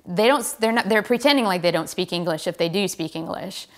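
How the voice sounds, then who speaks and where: An American woman, a professional cyclist, telling a story in a casual, animated way and acting out the lines people said to her. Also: on the low side, fast. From United States. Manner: animated, relives the scene with quoted lines.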